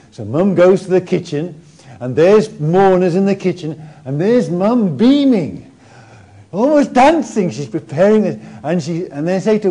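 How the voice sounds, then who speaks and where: A man preaching a sermon, retelling the story with animated energy and warm humour. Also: a little high, slightly rough.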